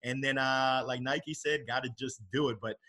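A man's voice: mid-range voice, steady tone, moderate pace, sharp tone. A middle-aged man speaking as a podcast guest in a casual, upbeat and motivational way about faith and his work.

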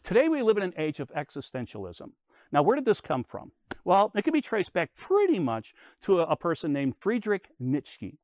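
A man's voice: high-pitched, huge pitch swings, normal speed, a little mellow, no room sound. An older man giving a conversational Bible lesson, telling stories and explaining with everyday comparisons. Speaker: Bible teacher.

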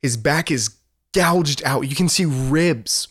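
A man's voice: a little high, slow pace, fairly bright tone. A young man hosting a casual faith podcast, talking earnestly and rambling, with frequent fillers and laughs. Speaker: podcast host.

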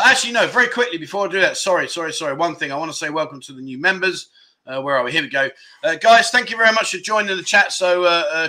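Here a UK host in his fifties chats his way through viewer comments on a relaxed livestream show, full of jokes and digressions. The voice sits on the high side and comes across bright and pushed.

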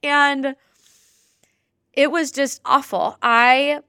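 A woman hosting a podcast as a spiritual practitioner, telling a personal story in an earnest, animated way and acting out the conversations she recalls. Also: high-pitched, drawn-out words, no room sound, studio quality.

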